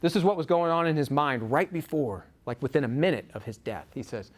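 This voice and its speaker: A man preaching a sermon in a storytelling way, often stopping to restart a phrase or repeat a word. His pitch climbs sharply on emphasized words, giving the delivery a lively, animated feel. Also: fairly quick.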